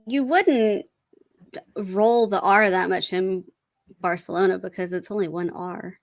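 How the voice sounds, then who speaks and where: A woman co-hosts a casual live stream in an easygoing, giggly way. She talks slowly, and her voice has a gravelly fry. Her pitch is average for a woman. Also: fairly even intonation, dry recording, faint music behind. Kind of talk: casual chat.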